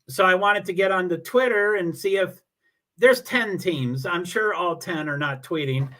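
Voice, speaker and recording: Greeting viewers and reading their comments, a man hosts a casual livestream in a fairly high, bright, forceful voice. His talk is rambling and self-deprecating, full of restarts.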